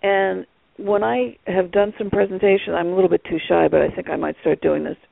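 A man's voice: high-pitched, steady tone, brisk, gravelly, no room sound. A man talking as an author guest on a radio interview, rambling with many fillers over a phone line.

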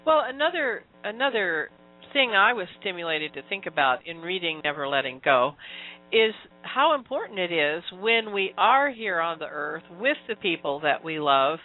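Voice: mid-range voice, very animated, moderate pace. An interviewer posing long, reflective questions in a casual interview. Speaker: interviewer, host. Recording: tinny phone-like audio with faint music.

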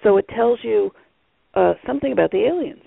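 A man's voice: sits high, expressive, brisk, creaky, slightly rough, dry recording. A man talking as an author guest on a radio interview, rambling with many fillers over a phone line.

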